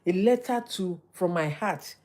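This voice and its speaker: A middle-aged woman hosts a motivational livestream in a lowish, unhurried voice. She's lively and preachy, repeating phrases for emphasis.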